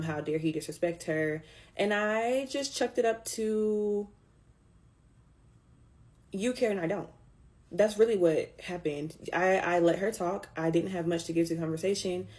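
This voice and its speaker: A woman's voice: fairly low pitch, steady tone, normal speed, darkish tone. A woman casually recounting a painful breakup, candid and swearing, her voice climbing when she stresses a point. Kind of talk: casual storytime.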